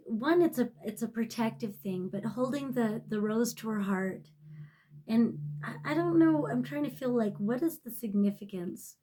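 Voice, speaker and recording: Emotional, swearing woman tarot reader. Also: on the high side. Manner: emotional, rambling, swears freely, often drops to a soft near-whisper. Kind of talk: casual tarot reading to camera.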